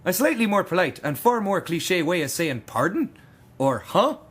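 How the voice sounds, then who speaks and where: A man from Canada reading a comedic slang glossary with wry, deadpan definitions. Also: high voice, normal speed, breathy edge. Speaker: co-narrator.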